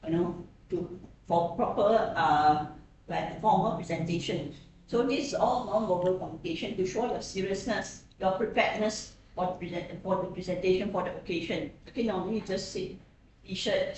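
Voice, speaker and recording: A woman's voice: lowish voice, a little mellow. Woman lecturing in an echoey classroom. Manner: checks in with frequent tag questions. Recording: very echoey classroom, distant mic, faint hiss.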